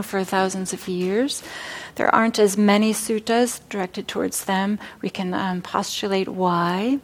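A woman giving a dharma talk at a meditation center, telling a teaching story with frequent pauses and fillers. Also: mid-range voice. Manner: warm storytelling, hesitant fillers.

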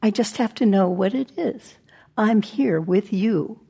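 Husky, gravelly woman giving a dharma talk. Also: medium pitch, unhurried, mellow. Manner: conversational, acts out inner voices, drops to near-whispers. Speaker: meditation teacher. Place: meditation center talk.

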